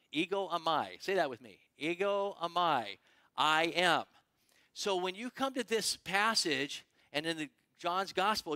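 Bright, dry-voiced male pastor. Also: a little high, dry recording. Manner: conversational, emphatic with frequent restarts. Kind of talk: sermon. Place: church sanctuary.

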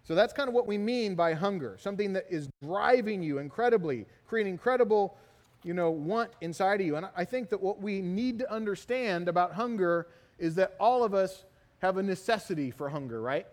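A middle-aged man preaching a sermon, telling stories in an animated way and often asking "right?". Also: high-pitched, fairly quick. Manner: animated storytelling, repeated "right?" tags. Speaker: pastor. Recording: long hall reverb.

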